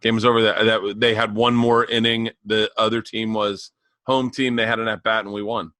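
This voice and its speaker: A man's voice: on the low side, little pitch movement, moderate pace, bright, forceful tone, no room sound. A man co-hosting a casual podcast chat, rambling through stories with chuckles. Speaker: podcast co-host.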